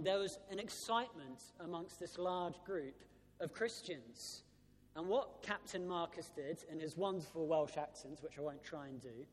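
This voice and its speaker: Man, vicar, 30s, Easter sermon, storytelling, "uh" fillers, high voice, long church reverb. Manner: warm storytelling with frequent "uh" fillers. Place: large church.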